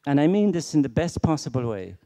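A man's voice: on the high side, very animated, brisk, dark tone. A middle-aged man giving a conference keynote, emphatic and full of rhetorical questions and stories. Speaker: keynote speaker.

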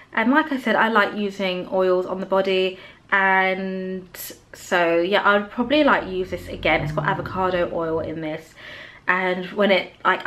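A woman's voice: medium pitch, fairly bright tone. A young woman vlogging, chatting casually through a show-and-tell of her products with lots of ums and likes. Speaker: beauty vlogger.

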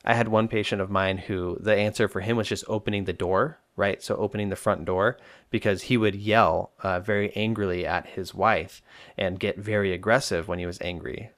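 A male psychologist hosting a self-help podcast, explaining coping steps to the listener in a relaxed, direct way. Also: fairly low pitch, normal speed, dry recording, clean studio sound.

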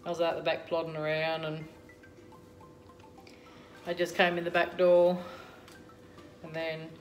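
An Australian woman chats casually to her viewers from her kitchen, rambling from one thing to the next with plenty of ums. Her voice sits a little low, and soft music plays faintly behind her. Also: monotone, measured pace. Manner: chatty and rambling, many ums. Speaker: vlogger. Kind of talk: casual chat to camera.

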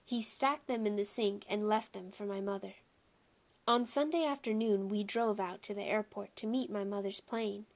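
Woman, children's novel read-aloud, even pace, steady storytelling. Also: medium pitch, normal speed. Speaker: reader.

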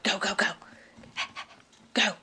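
A woman's voice: slow pace, pushed and bright. A young woman swearing her way through gameplay commentary, bursting into shrieks and laughter. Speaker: gaming video host.

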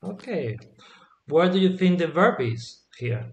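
A man's voice: on the high side, big pitch swings, measured pace. A man teaching Latin to a small group, patiently asking questions and checking that they follow. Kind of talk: online group lesson.

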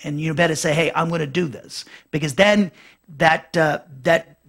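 A man's voice: fairly high pitch, steady tone, normal speed, vocal fry, fairly bright tone. A man teaching a Bible lesson as a pastor, rambling with many fillers and restarts, then growing emphatic in bursts.

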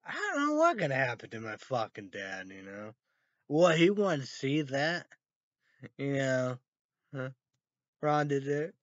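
A man rambling profanely on a stream, swinging from low mumbles to loud outbursts. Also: big pitch swings, unhurried, long pauses, no room sound, muffled recording. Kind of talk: rambling live stream talk.

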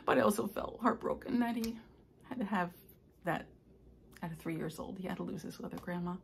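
An older woman, a stitching vlogger, chatting casually and telling rambling stories with soft asides. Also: fairly low pitch, fairly quick, vocal fry, breathy edge. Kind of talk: casual chat.

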